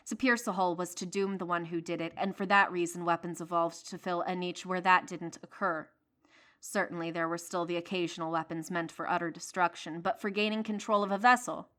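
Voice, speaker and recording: A woman narrating a science fiction story in a measured, expressive reading voice. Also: lowish voice. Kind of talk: scripted audiobook narration.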